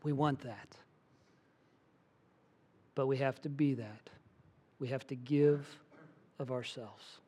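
A middle-aged man preaching a sermon as a pastor, telling stories with lively acted-out voices. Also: medium pitch, takes it slowly, pauses often, breathy edge. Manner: animated storytelling, acts out voices.

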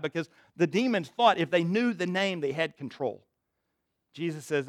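A man preaching a sermon in church, reading scripture and commenting in an emphatic, conversational way, dropping low and quiet to stress a point. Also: expressive, normal speed, pauses often, no room sound, clean studio sound. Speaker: pastor.

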